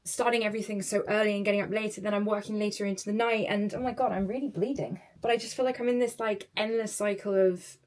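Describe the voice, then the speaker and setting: A woman's voice: mid-range voice, steady tone, quick pace, hardly any pauses, a little mellow. Weary young woman vlogging. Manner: rambling, self-critical, sighing. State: tired and low. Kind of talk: casual vlog chat.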